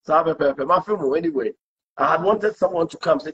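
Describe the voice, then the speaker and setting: Husky high-voiced man rambling. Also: normal speed, fairly bright tone. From Ghana. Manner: rambling, code-switching, mimicking accents. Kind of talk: casual rambling talk to camera. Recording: dull lo-fi recording.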